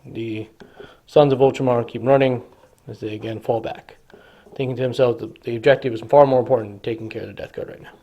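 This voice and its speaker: A man's voice: medium pitch, fairly even intonation, a little fast, lo-fi sound. Enthusiastic man narrating a tabletop battle. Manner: enthusiastic, dramatizes the action. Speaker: hobby wargamer. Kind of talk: casual battle report narration.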